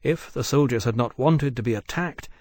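A man reading a novel aloud as an audiobook narrator, in a measured, even storytelling manner on a close studio mic. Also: mid-range voice. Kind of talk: scripted narration.

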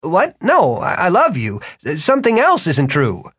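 A man putting on a flustered young man bluffing his way as a wizard. He talks in a hasty, defensive rush, pitched higher than the narrator, recorded dry for an audiobook. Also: huge pitch swings, a little slow, fairly bright tone, breathy edge, no room sound, full character voice.

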